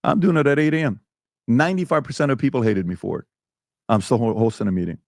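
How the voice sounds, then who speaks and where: A man's voice: mid-range voice, very animated, fast talker, creaky, darkish tone, no room sound, clean studio sound. A male podcast host in a heated debate, talking emphatically and firing rhetorical questions.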